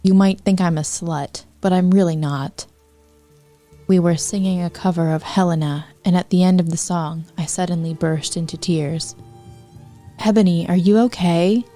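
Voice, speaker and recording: A woman podcast host reading fanfiction aloud for comedy, deadpan with wry asides. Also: on the low side, moderate pace, faint music behind.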